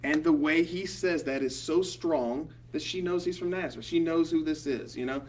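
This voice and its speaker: A man's voice: fairly high pitch, moderate pace. A man with a Southern accent leading a small group Bible study, talking casually and rambling, with lots of ums and "you know". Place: small group meeting room. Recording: distant mic with faint hum.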